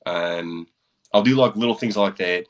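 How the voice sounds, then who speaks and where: A deep-voiced man chatting as a guest on a livestream. He talks in a relaxed, halting way, using plenty of fillers while he explains how he works. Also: low-quality recording. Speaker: guest voice actor. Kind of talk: casual livestream chat.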